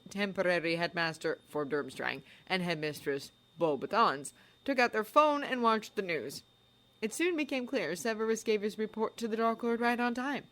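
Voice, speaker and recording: A woman narrating a fan story aloud in a measured storytelling manner. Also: mid-range voice, sharp tone. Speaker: fanfiction narrator. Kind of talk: audiobook narration.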